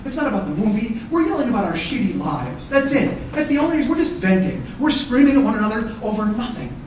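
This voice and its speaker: A man doing stand-up comedy, telling a profane story and shouting out the heated parts. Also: very high-pitched, sing-song, fast, slight background noise. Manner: profane, escalates to shouting in acted-out arguments. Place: theatre stage before a live audience. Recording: echoey theatre, mic at a distance.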